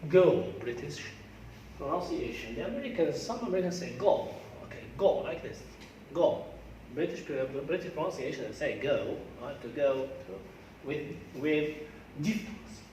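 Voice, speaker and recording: An English teacher with an Algerian accent, a man whose first language is Arabic, giving a classroom pronunciation lesson and slowly repeating words aloud to drill them. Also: fairly high pitch, animated, a little mellow, slight background noise. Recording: echoey classroom from far off.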